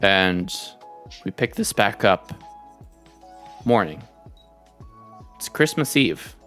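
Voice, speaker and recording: A man's voice: fairly low pitch, animated, takes it slowly, fairly bright tone, faint music behind. A man narrating a tabletop game as game master in a loose, chatty way.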